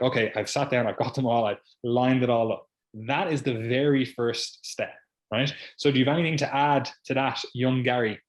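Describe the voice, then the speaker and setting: A man hosting a podcast as a coach, talking casually and tagging "right?" onto his points. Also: mid-range voice. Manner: chatty, quotes imagined people, says "right?" often.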